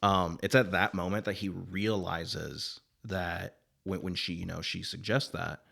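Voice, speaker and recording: A man's voice: low voice, steady tone, a little slow, creaky, fairly bright tone. A man co-hosting a casual comic book podcast, retelling the story and acting out the characters' lines along the way. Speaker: podcast co-host.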